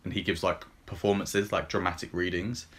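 A fairly low-pitched man chats casually as a podcast co-host, talking through films he has seen. He rambles, leans on ums and likes, and retells scenes in plain everyday language. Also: level tone, fairly quick, a bit bright. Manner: rambling and filler-heavy, lots of ums and likes. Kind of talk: casual chat.

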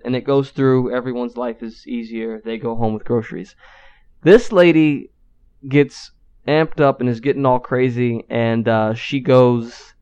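Smooth-voiced man telling a casual story. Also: mid-range voice, unhurried, darkish tone, dull audio. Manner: loose, profane, filler-heavy. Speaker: podcast co-host.

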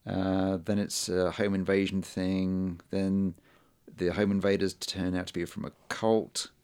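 A man's voice: low voice, flat delivery, measured pace, a little mellow, clear, resonant tone. A man chatting casually about movies on a podcast, with a dry, understated manner. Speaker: podcast co-host.

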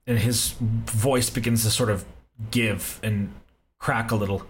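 A man as game master, narrating a tabletop game in deliberate storytelling with pauses. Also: fairly low pitch, steady tone, poor audio.

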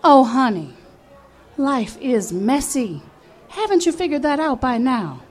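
A woman's voice: sits high, sing-song, unhurried. A woman voicing a bold drag queen who talks in a brassy, blunt, motherly way. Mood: soothing.

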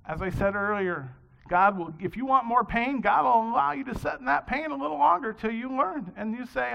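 A man's voice: very high voice, normal speed, vocal fry. A man preaching a sermon in a conversational, storytelling way, in a dull lo-fi recording. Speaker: pastor. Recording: dull lo-fi sound.

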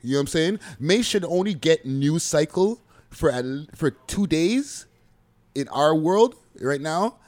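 A man co-hosting a casual podcast chat, animated and swearing, laughing often. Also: a little high, measured pace. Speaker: co-host.

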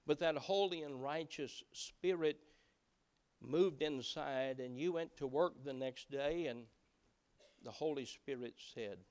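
High-voiced folksy preacher. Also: male voice, slow, clean tone. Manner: swings between hushed acted-out dialogue and loud emphatic preaching; folksy, preaching with colloquial phrases. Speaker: pastor. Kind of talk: sermon.

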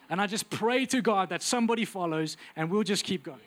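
A man preaching a sermon with intense, urgent delivery that drops to quiet, intimate asides. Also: high-pitched, fairly quick.

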